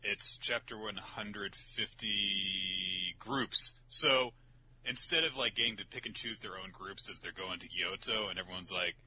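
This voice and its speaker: A man's voice: sits low, measured pace, sharp tone, a little hiss or hum, low-quality recording. A young man co-hosting a casual manga podcast, laughing often, swearing, and mimicking characters as he recaps. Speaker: podcast co-host.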